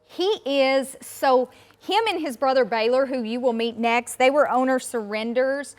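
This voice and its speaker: A woman's voice: high voice, unhurried. A woman with a Southern accent, a rescue volunteer answering interview questions plainly. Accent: Southern American. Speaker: guest, dog rescue volunteer.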